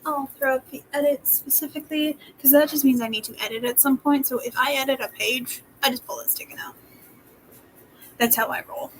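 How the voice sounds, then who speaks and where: High-voiced young woman, chatty, half-whispered. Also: fairly even intonation, brisk, slight background noise, rough recording. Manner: chatty, drops to soft whispered asides while writing. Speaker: vlogger. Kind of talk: casual planning vlog.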